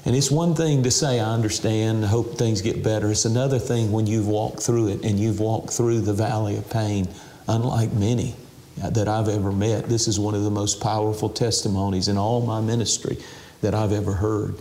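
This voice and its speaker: A man ministering on television, talking with deep emotion and tears, preaching and leading a slow prayer. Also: steady tone, dark tone, echoey room, a little hiss or hum. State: crying. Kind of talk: televangelist interview and altar call. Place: house.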